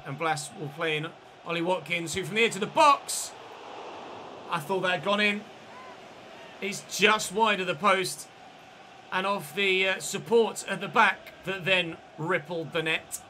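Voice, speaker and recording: A man's voice: a little high, steady tone, moderate pace, pushed and bright, a little hiss or hum. A young man hosting a football video game series, giving chatty commentary like a match commentator and correcting himself as he goes. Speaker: gaming channel host. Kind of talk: casual let's-play commentary.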